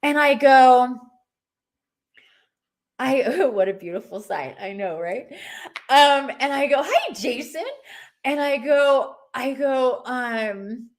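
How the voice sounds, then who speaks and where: A woman in her forties, a podcast guest telling a personal story in a casual, expressive way, acting out the voices she heard. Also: high-pitched, slow, pauses often.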